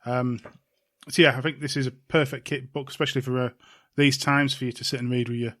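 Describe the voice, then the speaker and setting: A man's voice: medium pitch, level tone, a little fast, fairly bright tone, dry recording, clean studio sound. A man co-hosting a podcast in casual chat, with lots of ums and easy laughs. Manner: chatty, filler-heavy, laughs easily. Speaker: podcast co-host.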